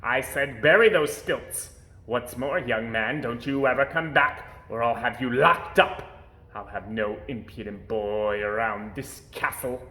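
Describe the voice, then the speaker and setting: A man's voice: medium pitch, measured pace, pushed and bright, echoey room, rough recording. A man voicing a scheming court lord who gives harsh, hissing commands, read from a storybook.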